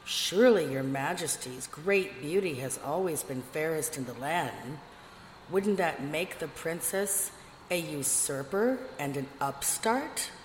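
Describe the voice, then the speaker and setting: A woman reading aloud puts on a coarse, pompous old nobleman in a storybook. He speaks slowly and low, with flattery that turns sly. The reading sits in a roomy space with a long reverb tail and faint hiss. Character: coarse older nobleman, fawning then menacing. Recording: echoey room with long reverb, faint noise.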